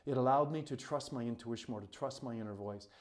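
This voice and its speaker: A man's voice: mid-range voice, fast. A man who works as a coach and retreat facilitator tells a personal story to camera in an earnest, emphatic, heartfelt way, with many "you know" fillers.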